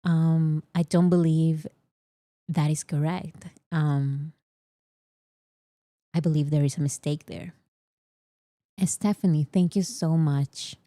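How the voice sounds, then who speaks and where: A woman vlogger giving casual, exasperated commentary to her viewers, repeating herself for emphasis and then talking herself calm. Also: slow pace, pauses often, dry recording. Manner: talks herself calm with deep breaths.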